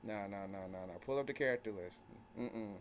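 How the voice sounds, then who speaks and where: A man chatting casually on a podcast, an excitable, slangy storyteller. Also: on the low side, a little fast, background noise. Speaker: podcast host or guest.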